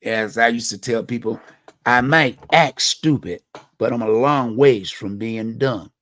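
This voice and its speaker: A man's voice: mid-range voice, measured pace, fairly bright tone, dry recording, clean studio sound. Blunt, plain-spoken man talking straight. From Hampton Roads, Virginia. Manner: blunt, repetitive, conversational, with local slang. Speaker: community talk show host. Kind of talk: personal monologue on community violence.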